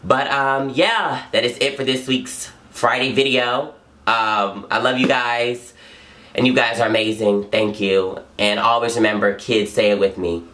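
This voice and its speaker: A young man talks straight to his camera in an earnest, emotional vlog, gushing and repeating himself. His voice sits low yet sounds bright and forceful. He comes across as an open, heartfelt vlogger. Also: steady tone, normal speed. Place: home in Los Angeles.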